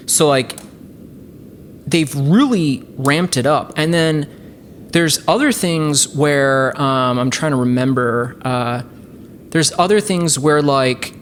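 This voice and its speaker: A woman hosting a casual software tutorial, talking chattily and enthusiastically with lots of fillers. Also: low-pitched, a little hiss or hum. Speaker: host.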